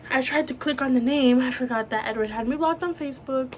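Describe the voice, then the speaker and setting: Young woman, slightly high voice, emotional halting personal story, faint background noise. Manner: emotional, halting, many restarts and "like". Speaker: vlogger.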